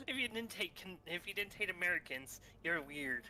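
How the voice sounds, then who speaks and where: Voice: mid-range voice, animated, moderate pace, sharp tone. A speaker from Canada chatting casually during a game, teasing and laughing often. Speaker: gaming co-player. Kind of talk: casual chat while gaming.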